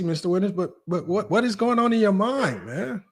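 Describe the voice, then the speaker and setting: Guy running a sports debate stream, brash and teasing, a bit high-voiced, fast talker. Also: expressive. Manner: brash, rapid, teasing, talks straight to chat. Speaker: sports debate livestream host. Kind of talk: casual live-stream commentary.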